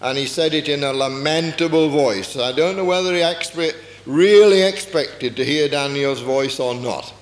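A man's voice: a little high, expressive, unhurried. A man preaching a sermon, explaining a Bible passage earnestly and often asking rhetorical questions. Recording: echoey hall with long reverb.

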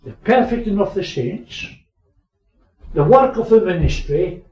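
A man preaching a sermon, swinging between raised emphasis and quiet asides. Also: high voice, animated, unhurried, slight background noise. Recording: echoey, distant, muffled recording.

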